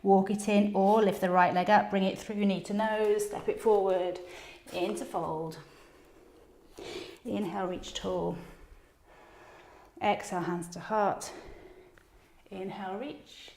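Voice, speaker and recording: Yoga teacher, woman, calm encouraging cues, a bit breathless, echoey room. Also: medium pitch, unhurried, long pauses, a little hiss or hum. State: slightly out of breath. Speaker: yoga instructor. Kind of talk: guided yoga class instruction.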